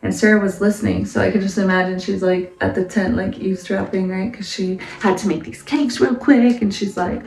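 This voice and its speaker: A woman's voice: mid-range voice, fairly even intonation, brisk, gravelly, few pauses, a little mellow. A woman hosting a casual Bible study vlog, chatty and laughing as she explains, full of "like" and "right?". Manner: laughs often while explaining. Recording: echoey room, mic at a distance, faint music.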